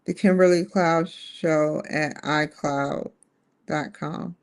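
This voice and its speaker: Woman on a support call, slow and monotone, gravelly, hesitant. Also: sits low. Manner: hesitant, spells words out slowly with example words. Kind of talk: casual phone call.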